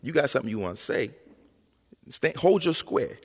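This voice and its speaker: A man voicing a firm, encouraging mother who insists her son speak up, repeating herself. He is recorded on a high school auditorium stage. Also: very animated, moderate pace, gravelly, a little mellow, slightly rough, exaggerated voice. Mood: coaxing firm. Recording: long reverb in a school auditorium.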